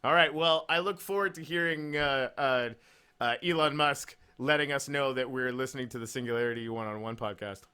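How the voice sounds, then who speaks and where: A man's voice: mid-range voice, a little fast, pushed and bright, clean tone. A man hosting a podcast, chatting casually, laughing often and stumbling over his words. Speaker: podcast host. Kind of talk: casual chat.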